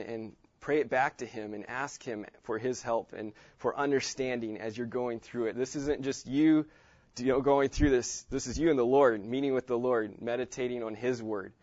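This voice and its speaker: A man's voice: medium pitch, a little mellow, dry recording, lo-fi sound. A man giving a casual Bible lesson, speaking plainly and often restarting his sentences with fillers. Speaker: teacher. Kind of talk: Bible teaching.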